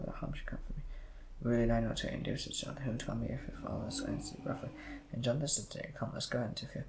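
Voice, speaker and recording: A man reading scripture aloud in a rushed way, with slips and restarts. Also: mid-range voice, vocal fry, a little mellow, a little hiss or hum, poor audio. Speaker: Bible reader.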